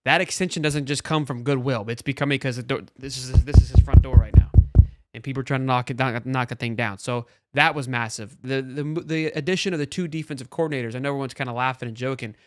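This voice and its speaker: Man, sports talk host, mid-pitched, animated and quick, dry close sound. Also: dry recording. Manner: animated, talks fast with restarts.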